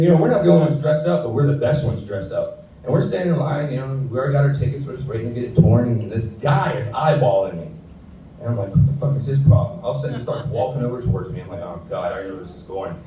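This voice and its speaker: A man's voice: medium pitch, quick pace, warm tone, slight background noise. A man, telling profane stand-up stories on a saloon stage and acting out the people in them. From Houston, Texas. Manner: profane storytelling with voiced quotes. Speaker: stand-up comedian. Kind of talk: stand-up set. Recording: echoey room from far off.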